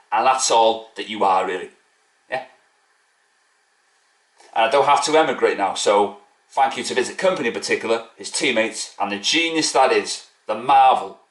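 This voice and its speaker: Mocking fan vlogger, middling pitch, room echo on his voice. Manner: mocking, scornful ranting. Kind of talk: ranting fan video to camera. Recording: echoey room.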